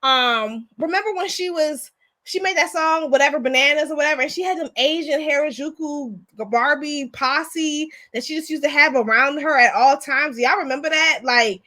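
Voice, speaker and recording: A woman's voice: high-pitched, moderate pace, sharp tone. A woman of Jamaican background hosting a casual show, ranting bluntly with profanity and many restarts. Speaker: podcast host. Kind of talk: casual opinion rant.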